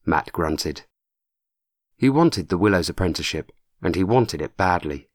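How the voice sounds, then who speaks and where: A man narrating an audiobook with measured storytelling. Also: sits low, lively intonation, no echo, studio quality. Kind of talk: scripted narration.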